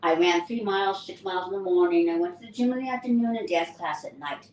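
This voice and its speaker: An older woman, an actress, recounting her career in a lively, anecdotal interview style. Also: on the low side, fast talker, a little hiss or hum. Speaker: actress and guest. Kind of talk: casual interview storytelling. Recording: roomy distant mic with faint ambience.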